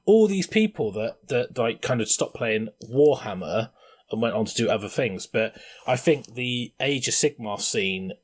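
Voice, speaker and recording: A man hosting a casual gaming podcast, telling long rambling stories in an animated way, a little tipsy. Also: medium pitch, measured pace. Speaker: podcast host. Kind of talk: casual chat.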